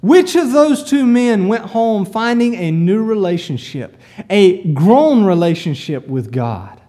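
High-voiced man preaching a sermon, animated storyteller with a wide melodic range. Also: measured pace. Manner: animated storytelling, rhetorical questions.

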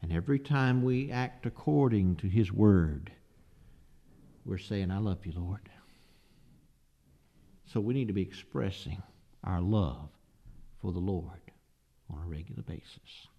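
A man's voice: low voice, lively intonation, unhurried, vocal fry, long pauses, warm tone, highs cut off. A man preaching a sermon, emphatic and asking the listeners rhetorical questions.

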